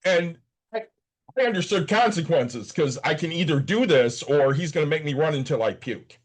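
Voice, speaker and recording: A man in his forties hosting a casual podcast, telling stories in an animated way. His pitch swings widely as he talks. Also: normal speed. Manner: animated storyteller. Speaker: podcast host.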